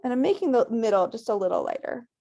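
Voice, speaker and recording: A woman teaching a virtual painting class, guiding students gently step by step at a close mic. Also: fairly high pitch, big pitch swings, quick pace, gravelly. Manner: gentle, encouraging step-by-step guidance. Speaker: painting instructor.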